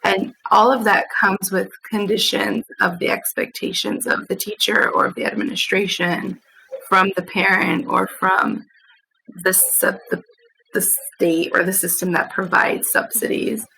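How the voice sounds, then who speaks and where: Woman, podcast host, gravelly, bright voice, faint background hum, reflective questions. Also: medium pitch, level tone, measured pace, poor audio. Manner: thoughtful, searching questions with restarts. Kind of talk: casual interview conversation.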